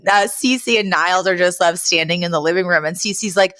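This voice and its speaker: Podcast lady recapping a sitcom, chatty and animated, lowish voice, dry close mic. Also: brisk, few pauses, no echo. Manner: animated retelling with frequent fillers and laughs. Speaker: podcast co-host. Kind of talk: casual chat recapping a sitcom episode.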